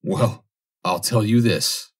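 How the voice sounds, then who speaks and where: A man's voice: fairly low pitch, slow. A man reading aloud, voicing a jealous young man who pleads and then threatens. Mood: bitter. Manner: pleading and bitter. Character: jealous, possessive young man, obsessive suitor.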